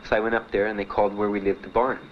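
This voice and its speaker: Low-voiced man in muffled archive testimony. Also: little pitch movement. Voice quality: plain, halting, many fillers. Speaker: veteran giving testimony. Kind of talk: spoken testimony. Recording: muffled 1970s archive recording with faint hiss.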